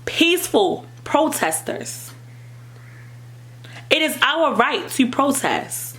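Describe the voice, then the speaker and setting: In a high, sing-song voice, slow and marked by long pauses, a young woman with an African American English accent shares impassioned commentary as a vlogger. She gets emphatic and repetitive, climbing to near-shouting.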